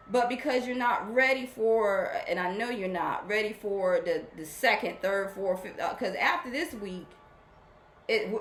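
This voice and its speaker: A woman hosting a spiritual program, talking casually and warmly to her followers, often repeating herself as she rambles. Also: medium pitch, roomy sound, slight background noise.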